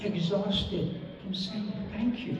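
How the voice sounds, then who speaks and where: A man on a convention panel speaking emphatically to a live audience, animated and swinging between loud and soft. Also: high voice, takes it slowly, highs cut off, a crowd in the background. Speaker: voice actor and podcast host on a convention panel. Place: large convention hall. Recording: very echoey hall from far off with noise.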